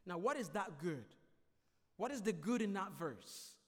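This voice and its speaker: A high-pitched man delivers a sermon as pastor. He stresses his points through repetition and shifts between loud declarations and softer explanation. The recording carries a long hall reverb. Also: expressive, a little slow, slightly rough. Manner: emphatic, repetitive preaching with swings between loud and soft.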